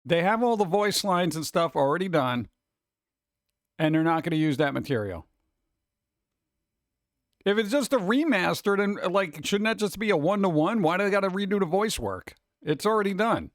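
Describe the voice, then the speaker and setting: A man's voice: high voice, sing-song, normal speed, pauses often, no echo, studio quality. A man streaming live, chatting casually with his chat and ranting with rhetorical questions.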